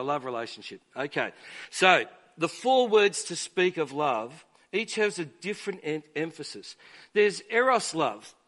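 A man preaching a sermon to a church, measured and emphatic, with deliberate pauses. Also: high voice, a bit bright. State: dry throat.

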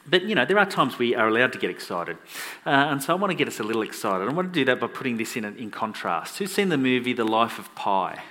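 A man delivers a sermon in a conversational, joking manner, his pitch swinging up and down. His voice carries the long reverb of a large hall. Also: quick pace. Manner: animated, conversational, jokey asides to the congregation. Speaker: preacher.

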